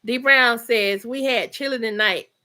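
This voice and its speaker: Bright-voiced Southern woman chatting. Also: fairly high pitch, measured pace. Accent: Southern US, Georgia. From Georgia, US. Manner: chatty, laughs often, Southern slang. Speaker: livestream host. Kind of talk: casual chat reading live comments.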